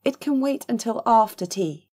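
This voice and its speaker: A woman's voice: a little high, animated, normal speed, darkish tone, voice pushed up. A woman reading an audiobook, voicing an eager, forthright young woman. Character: young woman Gussie, impetuous and determined.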